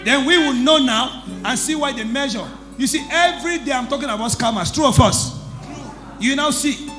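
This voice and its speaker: A man with a very high-pitched, sharp voice at normal speed preaches as a prophet during a church service. He is emphatic and exclamatory, questioning his congregation in a sermon that includes a deliverance testimony, recorded in an echoey hall with music underneath.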